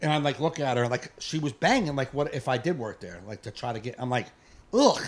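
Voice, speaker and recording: A man co-hosting a live podcast, ranting in casual chat, profane and fired up, with bursts of yelling. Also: mid-range voice, fast talker. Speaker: podcast co-host.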